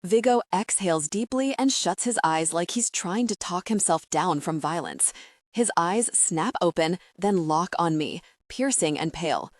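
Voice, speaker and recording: Low-voiced woman narrating an audiobook. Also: animated, measured pace, dry recording, clean studio sound. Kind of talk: first-person romance audiobook narration.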